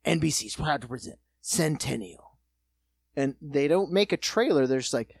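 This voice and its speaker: A man's voice: a little high, creaky, breathy edge, dry recording. Dry-voiced man riffing casually. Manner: animated, mocking, does quick goofy impressions. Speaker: podcast co-host. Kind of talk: casual comedic chat.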